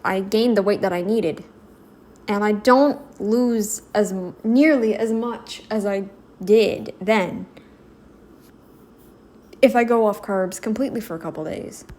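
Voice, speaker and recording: A woman's voice: medium pitch, measured pace, long pauses, a little mellow. A woman hosting a reaction video, talking back at the screen with indignant, emphatic commentary.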